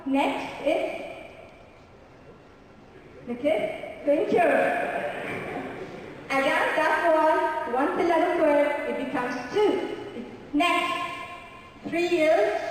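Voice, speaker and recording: A woman with an Egyptian Arabic accent, an English pronunciation trainer running a live workshop, demonstrating sounds and checking in with "okay?". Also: sits high. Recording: echoey hall from far off, faint room noise.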